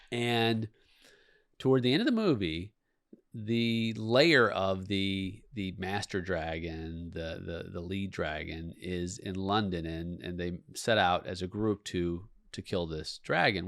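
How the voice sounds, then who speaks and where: A man's voice: on the low side, a bit bright, dry recording, clean studio sound. A middle-aged man hosting a leadership podcast, speaking earnestly and often repeating words for emphasis. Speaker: podcast host, leadership coach. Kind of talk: motivational talk.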